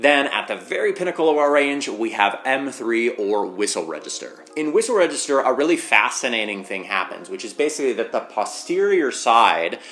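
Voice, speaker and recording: A man's voice: medium pitch, big pitch swings, normal speed, few pauses, fairly bright tone, slight background noise. A man teaching singing, explaining vocal anatomy step by step and leaning on the word "basically".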